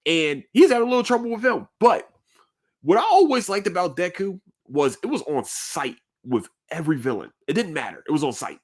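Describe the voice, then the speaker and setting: A man's voice: a little high, big pitch swings, a little fast. A man hosting a podcast in casual chat, earnest and rambling, full of slang and swearing. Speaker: podcast host.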